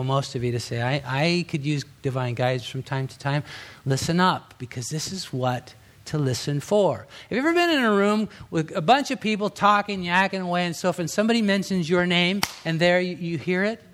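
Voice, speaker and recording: A middle-aged man preaching a sermon as a pastor, chatty and conversational, acting out quotes with sudden rises and hushed drops. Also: a little high, a little fast.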